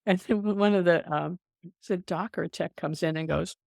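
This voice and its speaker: An older woman, a veteran emergency nurse, telling stories from her career in a casual podcast interview, lively and quick to laugh. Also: on the low side, creaky, no echo, studio quality. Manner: animated storyteller, breaks into laughter, many restarts.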